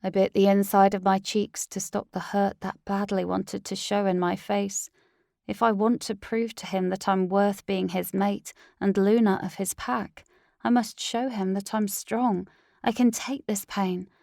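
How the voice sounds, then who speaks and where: A woman's voice: mid-range voice, fairly even intonation, unhurried, gravelly, darkish tone, dry recording, studio quality. A woman narrating a first-person audiobook in an earnest, dramatic reading.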